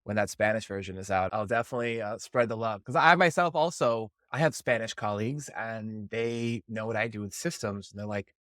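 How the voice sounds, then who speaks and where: A man's voice: fairly low pitch, fairly even intonation, a little fast, hardly any pauses, a bit bright, dry recording, studio quality. A man hosting a podcast, asking questions in a chatty, encouraging way with small restarts. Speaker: podcast host. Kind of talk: casual interview talk.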